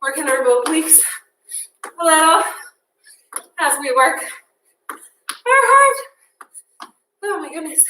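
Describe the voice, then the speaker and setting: A high, bright-voiced woman leads a workout, chatty and upbeat, counting reps while short of breath. She sounds a few steps from the camera in an echoey room, with a faint hiss behind her. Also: big pitch swings, slow pace, long pauses, far from the mic. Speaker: fitness instructor. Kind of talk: live workout coaching.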